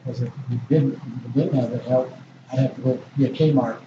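A man's voice: mid-range voice, steady tone, a little fast, mellow, lo-fi sound. An older man preaching a sermon in a folksy, rambling storytelling way, often restarting his sentences. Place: church. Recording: distant echoey church recording with noise.

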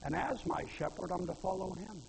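Gravelly high-voiced preacher in a hall. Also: male voice, brisk, a little mellow, slight background noise. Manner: folksy, rhetorical questions, quotes scripture. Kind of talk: sermon. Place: church hall. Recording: reverberant hall.

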